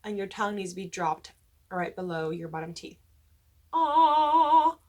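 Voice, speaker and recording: A woman's voice: on the low side, fairly even intonation, fairly quick. A woman voice teacher explaining diction rules for church cantors and demonstrating vowel shapes. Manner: explains patiently, breaks into sung vowel examples. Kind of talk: instructional talk with sung demonstrations.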